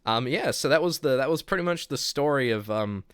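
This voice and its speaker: A man's voice: medium pitch, expressive, brisk, a bit bright, clear, resonant tone, no echo, clean studio sound. A man from New Zealand with a New Zealand accent, telling stories in a loose, rambling streaming chat full of filler words. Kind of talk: casual chat storytelling.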